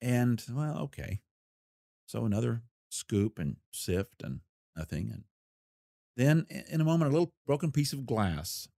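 A man's voice: medium pitch, very animated, a little slow, creaky, dark tone, dry recording, clean studio sound. A man, a former federal investigator, telling a case story in a folksy, plain-spoken interview manner and acting out the voices he quotes.

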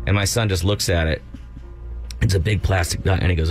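A man's voice: lowish voice, normal speed, faint music behind. A man co-hosting a talk show, telling a long funny story in casual chat and acting out the voices of the people in it. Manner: animated storyteller, acts out quoted voices. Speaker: radio show co-host.

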